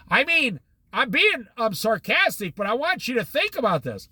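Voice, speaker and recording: This male Bible teacher speaks at normal speed in a high voice, recorded without echo. Leading a relaxed Bible study on the Oregon coast, he animatedly plays out short exchanges between people and God.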